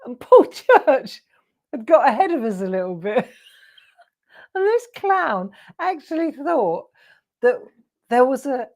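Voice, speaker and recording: An English woman hosting a live crafting show, telling rambling anecdotes and laughing often. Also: a little high. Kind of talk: chatty storytelling while crafting.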